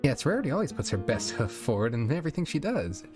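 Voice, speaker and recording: A man's voice: medium pitch, big pitch swings, fast, over music, pitched above the performer's own voice, lightly acted. Genteel mare hostess, voiced by a man. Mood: gracious. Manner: genteel, coy, conspiratorial. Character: gracious warm adult mare hostess.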